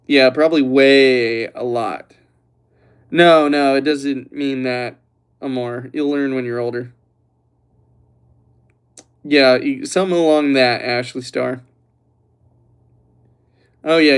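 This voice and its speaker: A young man hosting a casual livestream, talking to his chat in a loose, joking voice that sits at an ordinary middle pitch. He teases the viewers as he reads their comments and sounds relaxed and a little tipsy from red wine. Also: slow pace, long pauses, clean tone. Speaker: livestream host.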